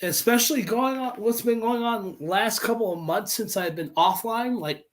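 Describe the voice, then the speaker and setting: A man's voice: high voice, moderate pace, a bit bright. A man with a slight New York accent, chatting as a guest on a stream in a friendly, meandering way. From Brooklyn, New York. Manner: meandering, friendly, restarts his thoughts. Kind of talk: casual chat.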